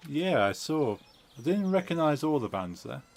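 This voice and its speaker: A man's voice: fairly high pitch, very animated, moderate pace, darkish tone. A man chatting casually over a voice call, laid-back and mostly answering with short agreeing replies. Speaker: guest co-player.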